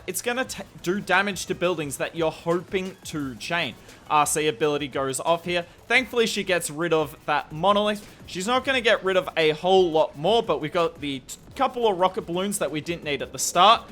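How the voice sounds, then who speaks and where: A man's voice: high voice, sharp tone. A man with an Australian accent giving enthusiastic, explanatory commentary over strategy gameplay footage. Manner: enthusiastic, explanatory, self-deprecating. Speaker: gaming commentator.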